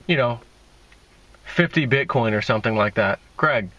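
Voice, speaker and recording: A man's voice: mid-range voice, lively intonation, normal speed, long pauses, a bit bright, no room sound, muffled recording. A man hosting a casual crypto video, talking in a sarcastic, mocking, rambling way. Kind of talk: casual opinion monologue.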